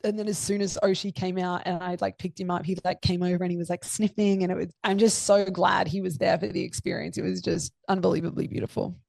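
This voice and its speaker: A woman's voice: on the low side, fairly even intonation, quick pace, gravelly, hardly any pauses, darkish tone, no echo. A young woman telling a personal story as a podcast guest, emotional and effusive, with lots of "like" and "you know.". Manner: emotional, effusive, many fillers.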